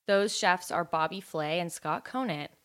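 A woman's voice: fairly low pitch, unhurried, a bit bright. A woman co-hosting a podcast, telling a blunt, sweary story in casual chat. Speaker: podcast co-host.

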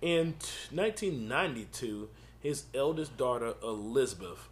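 A man's voice: medium pitch, expressive, moderate pace. A man co-hosting a casual podcast, talking in a rambling way with restarts and frequent laughs. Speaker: podcast co-host.

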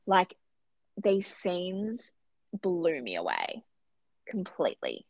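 A woman co-hosting a casual book podcast, animated and gushing, swearing freely as she talks. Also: fairly low pitch, slow pace, no room sound. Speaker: podcast co-host.

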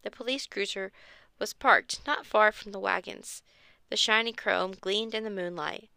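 Bright gravelly woman reading a kids' book. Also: unhurried, no room sound. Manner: expressive, pitches up for the children's lines. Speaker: storyteller. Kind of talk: reading a children's chapter book aloud.

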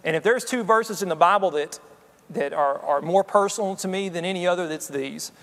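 An earnest man with a high voice preaches a personal sermon. He keeps checking in with his listeners. His words ring out with a long echo, as in a large hall. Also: a little fast, fairly bright tone. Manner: earnest, personal, addresses the congregation with frequent "okay?". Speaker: pastor.

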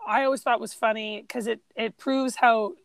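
A woman's voice: on the high side, steady tone, normal speed, no echo. A woman co-hosting a podcast in casual chat, retelling scenes and laughing often. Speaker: podcast co-host.

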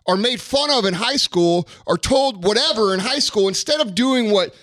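Fired-up profane man with a high voice. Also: fairly bright tone, dry recording, studio quality. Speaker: podcast host. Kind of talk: casual ranting talk.

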